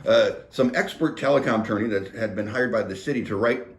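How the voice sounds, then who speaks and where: A man's voice: lowish voice, fairly quick. A man casually recapping a meeting, full of fillers and acting out what people said. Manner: chatty, filler-heavy, acts out quotes. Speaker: local government meeting recapper. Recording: roomy echo.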